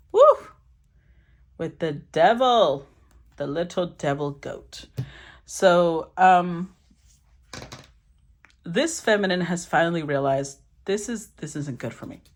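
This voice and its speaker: Animated husky-voiced woman reading tarot. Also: lowish voice, takes it slowly, long pauses. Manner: animated, blunt, swears casually. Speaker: tarot reader.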